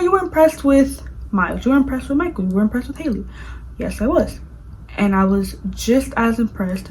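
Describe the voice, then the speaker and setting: A woman vlogger reviewing a movie in casual chat, gushing and animated, with lots of "like". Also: mid-range voice, slight background noise, rough recording. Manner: gushing, animated, fills speech with "like".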